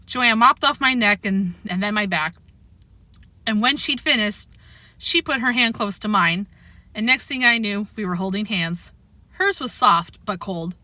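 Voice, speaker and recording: A woman reading a children's chapter book aloud, expressive and animated. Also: medium pitch, unhurried, dry recording. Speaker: reader. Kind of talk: storybook reading.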